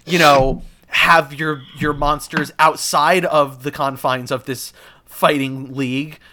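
A man's voice: fairly high pitch, steady tone, takes it slowly, sharp tone. A man co-hosting a comedy podcast, rambling and swearing freely with many fillers. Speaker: podcast co-host, game pitcher. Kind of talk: casual comedic chat.

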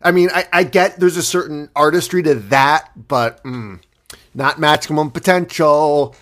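A man's voice: a little high, animated, moderate pace, fairly bright tone. A man co-hosting a comedy podcast, riffing loosely with profanity and plenty of fillers. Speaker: podcast co-host acting as debate moderator. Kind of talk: casual comedy chat.

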